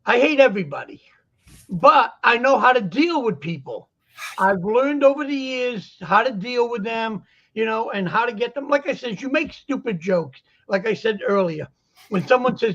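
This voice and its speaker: Boston-accented man, chatty joker, high pitched, slightly muffled sound. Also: normal speed. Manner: joking, animated storyteller. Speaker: guest vendor. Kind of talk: casual chat. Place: lives in Florida.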